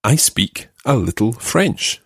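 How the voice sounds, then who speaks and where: A man teaching a podcast language lesson, patiently giving phrases and slowing down to model pronunciation. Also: mid-range voice, very animated, creaky, a bit bright, slightly rough, no room sound, studio quality.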